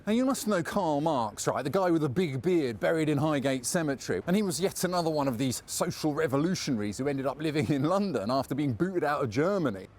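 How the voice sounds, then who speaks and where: A man's voice: a little high, animated, quick pace, hardly any pauses, darkish tone. A man hosting a travel video, chatting in a jokey way while walking city streets outdoors on a lapel mic. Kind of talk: casual walking-tour chat. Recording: faint street ambience.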